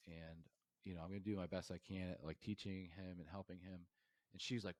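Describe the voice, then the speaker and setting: A man's voice: low-pitched, little pitch movement, fast talker, a little mellow, no echo. A man in his thirties, a podcast guest and professor from New York State, talking in a rambling way with lots of fillers and restarts. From New York State, USA. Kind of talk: casual interview storytelling.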